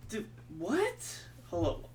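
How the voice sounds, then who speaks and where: A man's voice: high voice, wildly swooping pitch, slow, a little mellow. Man muttering to himself while coding. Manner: muttering to himself, exasperated, swears casually. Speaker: streamer coding on camera. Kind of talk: thinking aloud while coding. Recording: distant mic with faint background noise.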